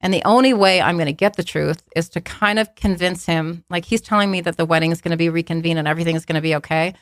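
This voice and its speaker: A woman's voice: fairly low pitch, steady tone, fast, dry recording. A woman guest telling a personal story in an interview, vivid and emphatic, often restarting her sentences.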